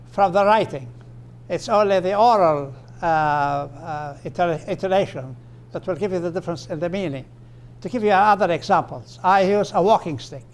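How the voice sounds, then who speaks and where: Man lecturing on grammar, slow example phrases. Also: high voice. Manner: slows down and stresses example phrases; explanatory, with fillers and restarts. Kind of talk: recorded lecture.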